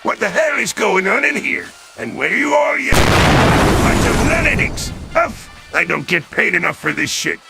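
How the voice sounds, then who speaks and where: A man's voice: high-pitched, very animated, a little slow, vocal fry, music in the background, full character voice. A synthetic male AI voice playing a fed-up, angry adult male worker in a cartoon. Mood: furious.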